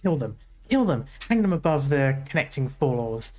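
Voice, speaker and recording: A woman's voice: extremely low pitch, sing-song, normal speed, soft background music. A woman doing a frantic, bloodthirsty soldier. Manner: shouted orders, harsh and frantic.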